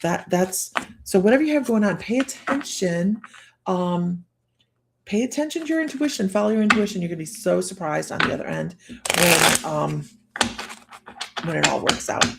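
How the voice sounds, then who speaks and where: Gravelly middle-aged woman, rambling host. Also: on the low side, normal speed, very noisy. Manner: rambling and chatty, full of fillers and restarts. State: hoarse from a cold. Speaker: psychic reader and live-stream host. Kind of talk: casual live-streamed psychic reading.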